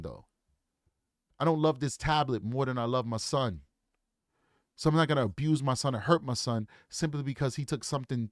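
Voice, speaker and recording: A man's voice: medium pitch, no echo, clean studio sound. Plain-spoken man in his forties. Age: 40s. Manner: opinionated, talks straight to the audience. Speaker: true crime commentator. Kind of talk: casual commentary to viewers.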